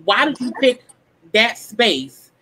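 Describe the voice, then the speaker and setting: A woman's voice: on the high side, sing-song, slow pace, sharp tone, slight background noise, low-quality recording. A woman on a chat panel talking bluntly and swearing freely. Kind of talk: casual group chat.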